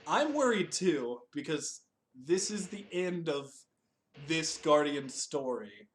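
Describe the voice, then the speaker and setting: A man's voice: fairly high pitch, very animated, slow pace, slight background noise. A man co-hosting a casual chat reviewing a TV special, laughing often, swearing and joking at his own expense. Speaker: podcast co-host.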